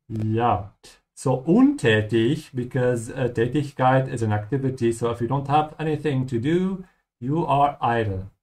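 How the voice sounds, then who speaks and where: A man's voice: medium pitch, darkish tone. Male language teacher, patient, explanatory, playthrough lesson. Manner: patient, explanatory, repeats words slowly.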